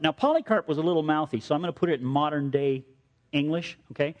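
Guy preaching, lively storyteller, repeats himself, voice sits kinda high. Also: fast. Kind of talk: sermon.

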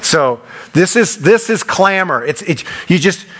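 A middle-aged male pastor preaching a sermon, repeating key phrases and swinging between loud, emphatic bursts and quieter asides. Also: sits high, animated, unhurried. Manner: loud when passionate.

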